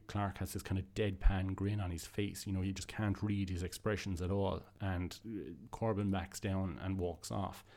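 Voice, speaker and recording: A podcast host gives a casual, enthusiastic review of a comic book, rambling along and restarting his sentences with frequent fillers. His voice is low-pitched and a little mellow.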